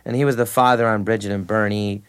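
A man's voice: lowish voice, steady tone, fast, clean tone. A man in his thirties, a comedian guest, telling stories in a loose, rambling way with restarts and laughs between lines. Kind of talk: casual anecdotal interview.

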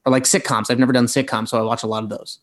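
A man's voice: medium pitch, flat delivery, very fast. A man in his forties, an actor being interviewed, talking loosely with many fillers and restarts. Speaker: actor guest. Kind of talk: relaxed interview talk.

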